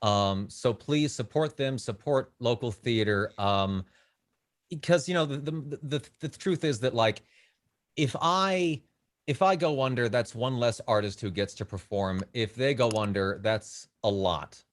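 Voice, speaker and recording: A man's voice: mid-range voice, a little slow. A man at an online open mic, reading a rhythmic, rhyming spoken word poem and chatting nervously over a video call, with some swearing. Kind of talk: spoken word poetry and casual chat.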